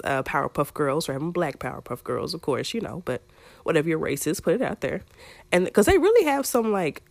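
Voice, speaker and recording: A young woman hosting a podcast in a casual, chatty way, her voice hoarse and a little raspy from a scratchy throat. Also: low-pitched, dry recording. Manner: chatty and playful, talks straight to listeners. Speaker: podcast host. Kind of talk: casual chat.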